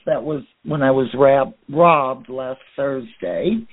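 Co-host, casual chat, slow and animated, tinny sound. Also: medium pitch. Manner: brief reactions, expressive exclamations. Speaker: podcast co-host. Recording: phone-like, narrow band.

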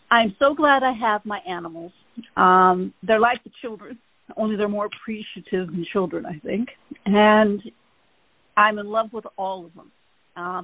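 A woman hosting a casual chat, telling rambling, animated stories. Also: medium pitch, no echo. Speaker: host. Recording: tinny phone-like line.

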